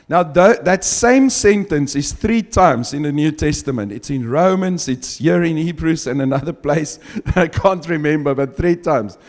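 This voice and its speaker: A man whose first language is Afrikaans, preaching a sermon and reading scripture slowly and with emphasis, chuckling often between points. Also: fairly high pitch, sing-song. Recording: long hall reverb.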